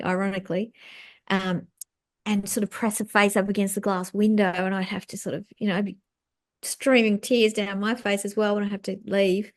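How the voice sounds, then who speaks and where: A middle-aged woman speaking as a guest in an interview, talking frankly and reflectively, with soft laughs and plenty of fillers. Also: mid-range voice. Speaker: author and guest. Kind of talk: candid conversational interview.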